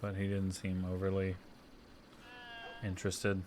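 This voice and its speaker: A man's voice: low-pitched, monotone, unhurried. A man streaming a roleplay game, chatting to himself casually while practicing a put-on accent. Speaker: streamer playing a roleplay character. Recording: noisy game audio with farm animals. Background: farmyard ambience with chickens and roosters.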